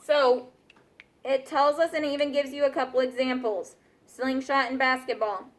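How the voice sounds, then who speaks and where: A woman's voice: high-pitched, steady tone, normal speed. A woman teacher giving patient classroom instructions, often checking in with her students.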